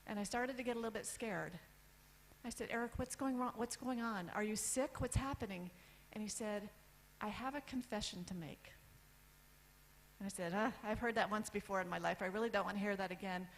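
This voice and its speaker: A woman in her fifties from the United States telling a personal story on stage, candid, with lists and pauses for effect. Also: medium pitch, low-quality recording. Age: 50s. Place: event stage.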